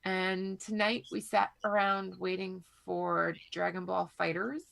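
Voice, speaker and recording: A woman in her thirties, hoarse from a cold, chatting as a podcast co-host and telling rambling, profane stories. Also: lowish voice, little pitch movement, a little slow, fairly bright tone. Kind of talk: casual chat.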